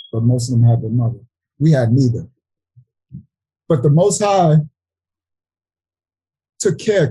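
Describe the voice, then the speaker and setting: A middle-aged man from New York City tells his life story at a Bible study, earnest and halting, near tears. His voice sits a little high, husky and mellow. The sound is dry and close, with no room echo. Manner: earnest, halting, with frequent restarts. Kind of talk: emotional personal testimony in a Bible study.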